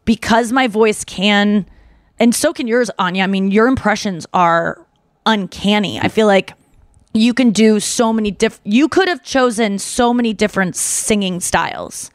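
A woman hosting a podcast in casual chat, talking fast and loose, full of "like", and slipping into singer impressions. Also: mid-range voice, dry recording, studio quality. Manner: chatty, slips into quick singer impressions. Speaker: podcast host.

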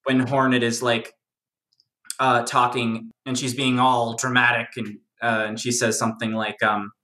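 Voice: medium pitch, flat delivery, unhurried, sharp tone, roomy sound. A podcast guest explaining game lore in casual chat, enthusiastic and rambling with many fillers.

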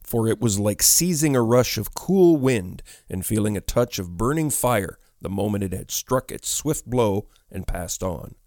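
Low-voiced male ghost-story narrator. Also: dry recording, studio quality. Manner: measured, expressive storytelling.

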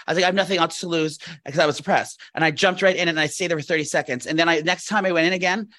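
A man's voice: on the high side, very fast. A man in his thirties co-hosting a podcast, telling long rambling stories in casual chat with lots of fillers. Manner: rambling, animated storytelling with many fillers. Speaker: podcast co-host.

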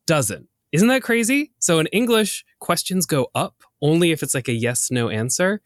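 A man's voice: on the high side, very animated, moderate pace, no echo, studio quality. Playful nerdy man co-hosting a podcast. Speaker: podcast co-host. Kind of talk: casual educational chat.

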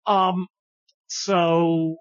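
A man's voice: on the high side, flat delivery, extremely slow, dry recording. A man hosting a podcast, giving casual political commentary in a heated, profane, sarcastic way. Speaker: podcast host. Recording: dull dry studio recording.

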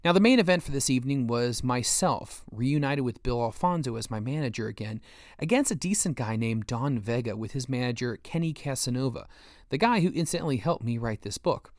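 Male memoir narrator, steady storyteller, medium pitch, dry booth. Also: fairly quick, no echo. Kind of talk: first-person memoir narration.

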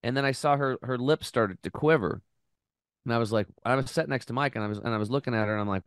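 A man hosting a health podcast, earnestly telling an emotional story in a close, animated way with many restarts. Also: mid-range voice, fast talker, smooth, dry recording. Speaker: podcast host.

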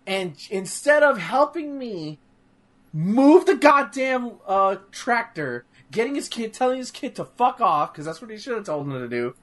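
A man streaming games, chatting casually in an animated, profane, rambling way with many restarts. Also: high-pitched, unhurried. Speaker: streamer discussing a game. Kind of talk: casual chat.

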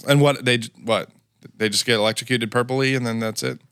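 A man's voice: medium pitch, fairly even intonation, a little fast, fairly bright tone, clean tone, no echo, clean studio sound. A man chatting casually while reacting to a movie, with sarcastic, laughing, swearing asides. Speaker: movie commentator.

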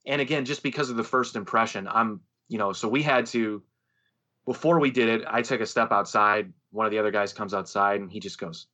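A man on a podcast telling a story in a lively, casual way, swearing and acting out what others said. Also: on the low side, brisk. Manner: animated storyteller, swears freely, acts out quoted voices. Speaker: podcast co-host, musician.

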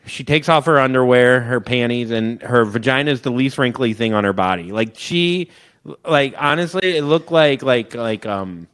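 A man co-hosting a podcast, telling a long story and acting out loud shouted quotes. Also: mid-range voice, expressive, normal speed, clear, resonant tone. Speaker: podcast co-host. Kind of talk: casual chat.

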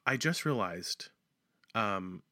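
Male podcast co-host with a crisp, bright voice, reading case details with jokes in between. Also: on the low side, lively intonation, slow, no room sound, studio quality. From United States. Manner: jokey, reads case notes aloud. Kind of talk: casual chat and case reading.

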